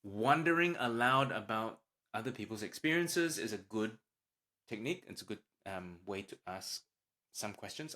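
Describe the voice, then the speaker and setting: A man with a somewhat low voice talks through parenting advice on his own podcast. His delivery is calm and explanatory. When he gives examples of what a parent might say, he turns livelier. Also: moderate pace. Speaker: podcast host, parenting doctor.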